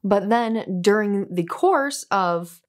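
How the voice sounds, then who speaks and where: A woman's voice: medium pitch, animated, slow pace. A woman hosting a commentary vlog, talking in a chatty, offhand way with filler asides. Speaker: commentary channel host.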